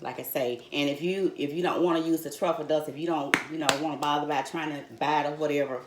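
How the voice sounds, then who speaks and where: A woman's voice: low voice, fairly even intonation, fast, noisy background. An older woman, chatting folksily through a home cooking demonstration and calling her viewers honey and y'all. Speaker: home cook host. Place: home kitchen. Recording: echoey kitchen with cookware clatter.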